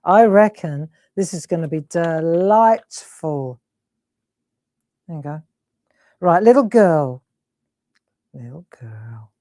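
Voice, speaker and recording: Crafting host: middle-aged woman, unhurried, giggly, close and dry sound. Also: on the low side, mellow, no echo. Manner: chatty, giggly storyteller. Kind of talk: chatty live crafting stream.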